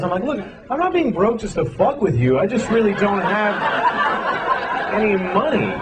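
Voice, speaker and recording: A man's voice: high-pitched, very animated, normal speed. A man doing a stand-up routine, self-deprecating and conversational, starting hesitantly, with a laughing audience around him. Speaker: stand-up comedian. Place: comedy stage before a laughing audience. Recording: loud crowd and room noise, live club.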